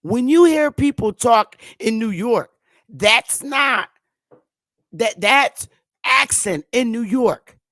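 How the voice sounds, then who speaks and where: Her voice sits on the high side, bright and forceful, captured in a dry recording. She's a fifty-something talk show host from Connecticut, lecturing viewers emphatically, repeating herself and stretching words out.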